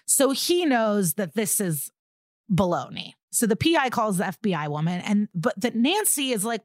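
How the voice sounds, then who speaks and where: A woman's voice: medium pitch, very animated, moderate pace, no echo, clean studio sound. A woman co-hosting a podcast, animatedly retelling a true-crime case in casual chat, acting out quotes and swearing freely. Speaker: podcast co-host.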